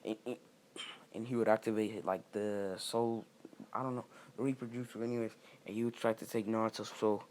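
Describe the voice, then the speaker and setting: A young man improvising a fan fiction story in a rambling, halting way with many restarts. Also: on the low side, fairly even intonation, darkish tone, slight background noise.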